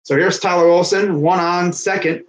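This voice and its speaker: A man's voice: high-pitched, steady tone, moderate pace, rough recording. Chatty young man calling a game. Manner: chatty, laughs often, talks to someone off-mic. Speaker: fan commentator. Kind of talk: casual play-by-play of a video game.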